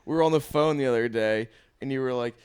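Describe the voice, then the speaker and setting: A man's voice: medium pitch, fast talker, clear, resonant tone. A man co-hosting a podcast in a studio, ribbing his friend with crude jokes in casual banter. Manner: mocking, laughing, crude jokes. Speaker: podcast co-host.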